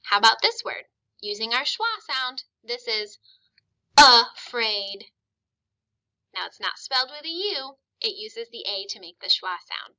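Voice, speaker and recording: Bright, encouraging woman teacher. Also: on the high side, animated, poor audio. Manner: patient, encouraging, models sounds slowly. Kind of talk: classroom phonics lesson.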